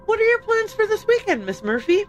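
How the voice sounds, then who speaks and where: A woman reading the lines of a formal, tactful male gentleman investigator in a game. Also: very high voice, big pitch swings, brisk, faint music behind, pitched above the performer's own voice, poor audio. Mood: courteous.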